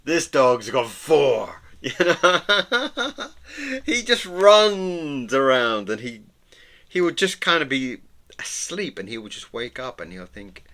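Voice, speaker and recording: Slow, bright-toned rambling middle-aged man. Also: on the high side, sing-song. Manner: rambling and sentimental, with soft murmured asides; chuckles often. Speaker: artist and channel host. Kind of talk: casual chat while drawing.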